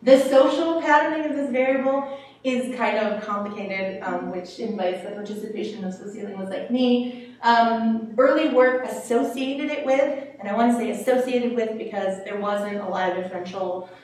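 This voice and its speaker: A woman's voice: a little high, steady tone, moderate pace, a little mellow. A woman sociolinguist giving an explanatory lecture, talking it through with frequent ums. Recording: very echoey room, distant mic, faint noise.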